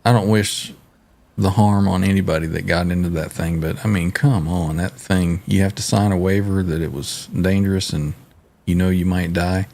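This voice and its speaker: Man with a lowish voice, cracks jokes and keeps the chat going. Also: steady tone, moderate pace, creaky, a little mellow. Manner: laughing, joking banter. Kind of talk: casual chat.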